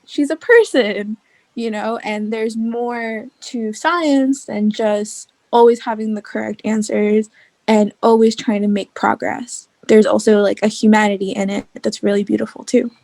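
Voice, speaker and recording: A woman's voice: medium pitch, flat delivery, measured pace, creaky, a little mellow, no room sound. A young woman, a physics student, sharing a story reflectively in a casual group call, with lots of "like". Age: young adult.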